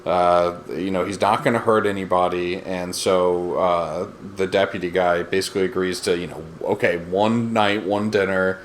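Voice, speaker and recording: Deep-voiced man with dry teasing humor. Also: fairly even intonation, moderate pace, few pauses, a little hiss or hum. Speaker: podcast co-host. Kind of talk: casual TV recap chat.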